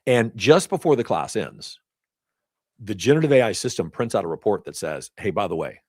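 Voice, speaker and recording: Low-voiced man teaching a class. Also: very animated, normal speed, a little mellow, no room sound, studio quality. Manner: chatty, storytelling asides with laughs. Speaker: instructor. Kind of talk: casual lecture. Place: classroom or event hall.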